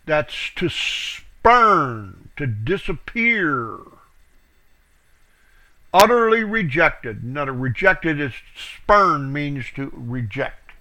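A man teaching scripture verse by verse, reading each verse aloud with stress and then explaining it in a deliberate way with fillers. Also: on the high side, very animated, bright, forceful tone. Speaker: Bible teacher.

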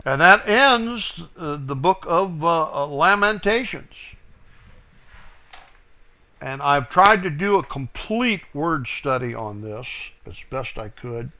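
A man teaching scripture verse by verse, reading each verse aloud with stress and then explaining it in a deliberate way with fillers. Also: a little high, expressive, sharp tone, a little hiss or hum. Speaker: Bible teacher.

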